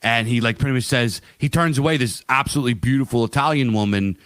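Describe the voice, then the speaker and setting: A man's voice: medium pitch, fast talker, a bit bright, no echo. A middle-aged man co-hosting a podcast in casual chat, rambling and swearing with many fillers and restarts. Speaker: podcast co-host.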